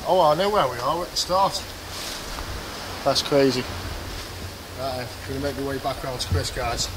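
A man vlogging while exploring rocks at night, excitable and out of breath, talking to his viewers. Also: medium pitch, normal speed. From England. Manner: excitable, keeps addressing viewers as guys. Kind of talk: casual vlog chat. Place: outdoors among rocks at night. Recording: noisy outdoor recording.

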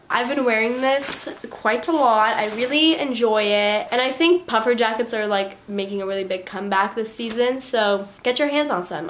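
Raspy young woman with a cold. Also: on the high side, a bit bright, slight background noise. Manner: chatty and self-mocking, lots of fillers. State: hoarse from a cold. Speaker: YouTuber hosting a try-on haul. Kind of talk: casual vlog chat.

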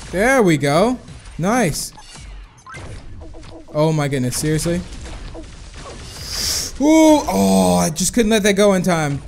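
High-voiced young guy doing game commentary, hypes himself up, lots of whoa whoa, bit of music underneath. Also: slow, creaky, pauses often. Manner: excitable, talks to viewers, bursts of whoa and cheering. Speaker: gaming YouTuber. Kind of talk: live gameplay commentary.

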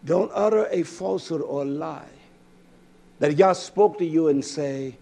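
A high-voiced male preacher with a husky, slightly breathy tone delivers a fiery sermon at an unhurried pace. He swings between impassioned shouting and hushed, quiet stretches.

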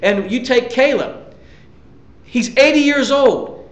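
A man's voice: very high-pitched, takes it slowly, reverberant, dull audio. A male pastor preaching a sermon with emphasis, asking the congregation rhetorical questions.

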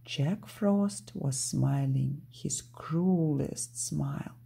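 A woman narrating a children's storybook aloud in an expressive storytelling manner. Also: low voice, very slow, vocal fry, husky.

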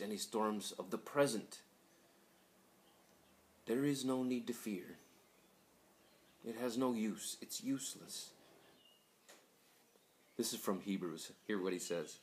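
A man who is a school pastor, giving a sermon at a graduation, swinging from loud pleading to hushed, whispered passages. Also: lowish voice, slight background noise.

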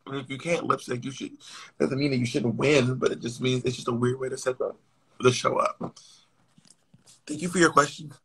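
A man's voice: mid-range voice, steady tone, fairly quick, pauses often, fairly bright tone, slightly rough. An American man hosting a live stream over a phone, chatting casually with a guest in a blunt, teasing, playful way.

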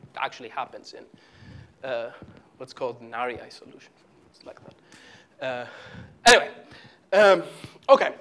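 A man giving a live math lecture at a board, talking haltingly with many fillers and restarts. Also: medium pitch, animated, pushed and bright. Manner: halting, full of fillers and restarts while writing. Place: lecture hall.

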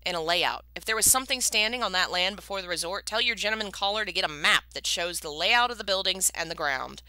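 A woman reading a book aloud and voicing an excitable, brash man who wails and blurts out ideas. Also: lowish voice, fast talker, clear, resonant tone, dry recording. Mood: eager. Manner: loud, excitable. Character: excitable brash man, wailing then sudden insight.

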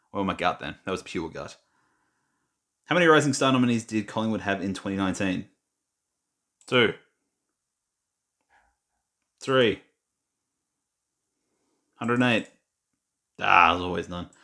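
The voice is a young Australian man's, fairly low in pitch and a bit bright. As a gaming vlogger recording casual screen commentary, he chats while reading quiz questions aloud, muttering and mocking himself.

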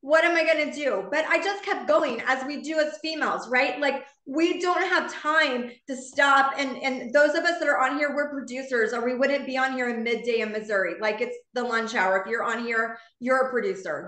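A woman's voice: a little high, normal speed, hardly any pauses, pushed and bright, reverberant. A woman in her fifties telling an earnest, heartfelt personal story to a live online audience. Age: 50s. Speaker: founder speaking to her business community.

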